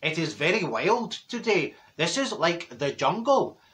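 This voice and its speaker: A man's voice: a little high, sing-song, unhurried, a bit bright. A man putting on a smarmy crooning neighbour.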